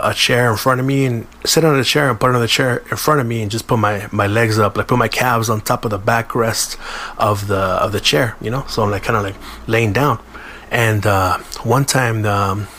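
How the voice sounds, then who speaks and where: A man's voice: fairly low pitch, a bit bright, a little hiss or hum. A man, hosting a podcast and telling a long, profane, slangy story in a casual way. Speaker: podcast host.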